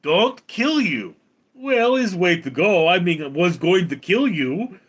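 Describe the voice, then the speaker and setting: A man's voice: high voice, big pitch swings, slow pace, fairly bright tone, dull audio, pitched above the performer's own voice, full character voice. A man doing a blustering dictator with a fake Russian accent. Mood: mocking. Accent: put-on Russian. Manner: broken grammar, bullying demands. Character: blustering menacing male dictator, gruff and threatening. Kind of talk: comic impression.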